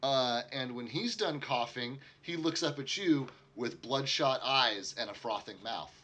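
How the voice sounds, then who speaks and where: A man narrating as game master of a tabletop game, relaxed and chatty as he describes the scene. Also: medium pitch, unhurried.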